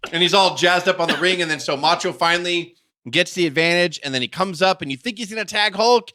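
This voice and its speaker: A man co-hosting a podcast, retelling a story in an animated, irreverent, self-mocking way. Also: high-pitched, fast talker, few pauses, dry recording, clean studio sound. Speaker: podcast co-host. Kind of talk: casual chat, retelling with voices.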